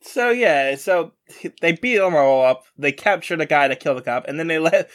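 A man's voice: fairly high pitch, animated, normal speed, a bit bright. A man hosting a casual podcast chat, rambling through a comic plot summary and correcting himself as he goes. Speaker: podcast host recapping a comic.

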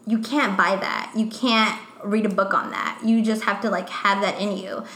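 A woman's voice: medium pitch, steady tone, moderate pace, bright, forceful tone. A young woman co-hosting a podcast, chatting casually and animatedly with a friend, peppering her talk with "like" and acted-out quotes. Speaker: podcast co-host. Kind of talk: casual chat between friends. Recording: echoey room.

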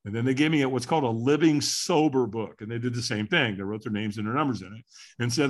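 A man's voice: medium pitch, fast. An older man from California, a guest in an interview, tells his personal story earnestly and candidly and voices his own past thoughts aloud.

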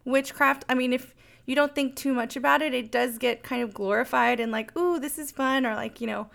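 A woman's voice: fairly high pitch, flat delivery, a little fast, creaky, a bit bright. A woman co-hosting a podcast, chatting casually about songs with lots of filler words. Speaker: podcast co-host.

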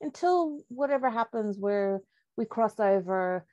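A woman, a podcast guest, telling her story in a candid, lively way and laughing often. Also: mid-range voice, a little slow, no echo, dull audio. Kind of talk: casual storytelling interview.

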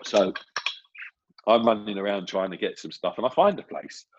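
A man, a film assistant director telling lively, casual anecdotes and acting out the voices he quotes. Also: fairly low pitch, normal speed, breathy edge. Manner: lively storyteller who acts out quoted voices. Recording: dull, dry lo-fi audio.

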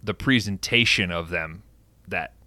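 Male podcast host, low and bright, animated profane storyteller, dry sound. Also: a little slow, dry recording. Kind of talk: casual film recap.

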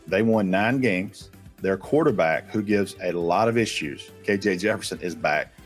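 A guest analyst with a low voice confidently rattles off football names and stats at a normal speed. It's casual sports talk, with soft music underneath.

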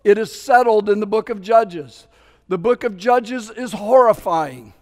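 A man preaching a sermon as pastor, animated and conversational, acting out scripture voices and slipping into casual asides. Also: high-pitched, measured pace. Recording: long hall reverb.

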